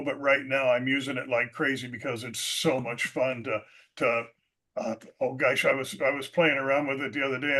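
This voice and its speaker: A man who is a guest real estate agent, talking in a casual interview chat in an animated, self-assured way and laughing often. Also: medium pitch.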